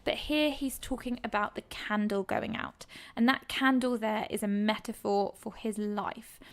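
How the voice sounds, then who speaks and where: A woman's voice: mid-range voice, steady tone, measured pace. A young woman from England, an English literature tutor, explaining exam answers in a chatty, enthusiastic way with frequent ums. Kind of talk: exam revision lesson.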